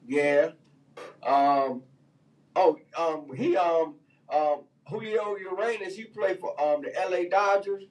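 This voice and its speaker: A man's voice: on the high side, takes it slowly, far from the mic, low-quality recording. A man hosting a radio talk show, ranting in loose, heated slang with lots of fillers. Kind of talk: casual opinion talk.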